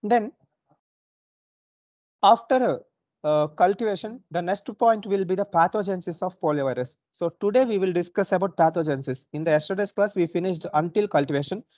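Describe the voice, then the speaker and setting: Young Indian English male lecturer, patient step-by-step teacher, warm tone, dull lo-fi recording. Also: high voice, brisk, no echo. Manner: explanatory, frequent "uh" and "so", checks on students. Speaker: university lecturer. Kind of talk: online lecture.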